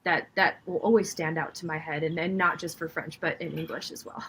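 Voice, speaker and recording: A woman's voice: low-pitched, fairly even intonation, brisk, a bit bright, slightly rough, poor audio. A young woman with a Minnesota accent, a guest on a podcast, talking in a thoughtful, chatty way. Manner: thoughtful, chatty, laughs often. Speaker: podcast guest, commentator and voice actor. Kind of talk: casual chat.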